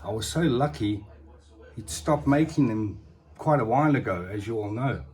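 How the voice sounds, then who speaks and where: A man's voice: mid-range voice, normal speed, a little mellow, breathy edge. A man talking through his collectible figures in a casual, rambling show-and-tell vlog, often ending lines with "eh?". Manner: rambling and chatty, with tag questions like "eh?".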